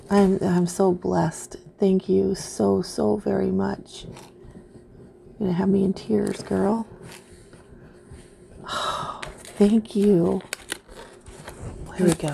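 A woman's voice: medium pitch, vocal fry, warm tone, a little hiss or hum. A woman vlogger unboxing craft mail in casual chat, gushing and easily delighted.

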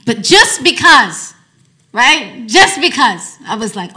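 American woman religious teacher, bright, fairly high voice, animated storytelling sermon. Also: slow, long pauses. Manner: lively storytelling, animated swings from hushed to loud. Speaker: Islamic teacher. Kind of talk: sermon to a women's gathering.

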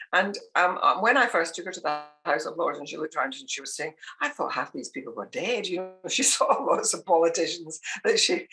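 Older scottish lady on a podcast, bright voice, laughs a lot while telling stories. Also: fairly low pitch, rough recording. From Scotland. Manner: warm storytelling, laughs often. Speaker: guest. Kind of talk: casual interview chat.

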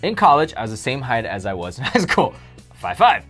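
Man, casual co-host, joking, animated, lively pitch swings, faint music behind. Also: a little fast. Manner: animated, joking, voice jumps up when excited. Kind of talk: casual chat.

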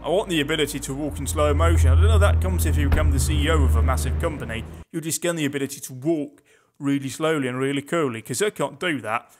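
A man's voice: a little high, fast, over music. A man giving sarcastic, chatty let's play commentary, talking back to the characters on screen. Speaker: gaming video host.

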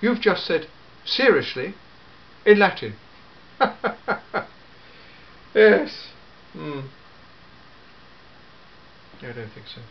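A tetchy, grandfatherly old time-travelling gentleman, played by a man, in a fan audio drama. His voice sits high and swoops about, and he talks slowly and fussily, scattering hmms and eh?s. The recording is a little dull and lo-fi. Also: very animated, exaggerated voice. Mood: fussy, chatty. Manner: fussy, hesitant, peppered with hmms and eh?s.

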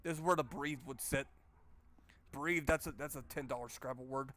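A man's voice: mid-range voice, normal speed, pushed and bright. A man giving sarcastic, profane let's play commentary while playing a horror game. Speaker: game streamer.

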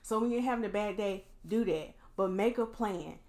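A woman's voice: medium pitch, moderate pace, darkish tone. A woman vlogging candidly and encouragingly, speaking straight to her viewers while emotionally drained after a hard day. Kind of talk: casual heartfelt vlog talk.

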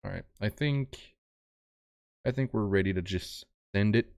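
A young man talks loosely to his stream chat in a fairly low voice. He rambles, restarts his sentences and greets viewers by name as he settles in. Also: a little slow, vocal fry, darkish tone. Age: young adult. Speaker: streamer reacting to videos. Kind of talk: casual live-stream chat.

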